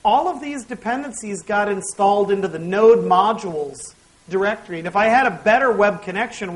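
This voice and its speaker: A man's voice: sits high, rough recording. Chatty man giving a tech conference talk. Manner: chatty, wry asides, explains step by step. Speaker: conference speaker. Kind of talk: technical conference talk with live demo. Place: conference stage.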